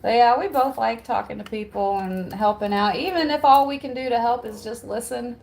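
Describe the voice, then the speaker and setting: A woman's voice: fairly high pitch, moderate pace, creaky, a little mellow. A woman hosting a livestream from home, chatting casually, reading viewer comments aloud and laughing often. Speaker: livestream host.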